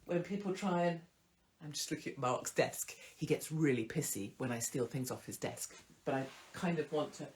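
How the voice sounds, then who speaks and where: A woman's voice: low-pitched, moderate pace, a little mellow, slight background noise. Frank, chatty woman host. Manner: frank and chatty, with swearing and mock voices of others. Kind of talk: casual advice monologue.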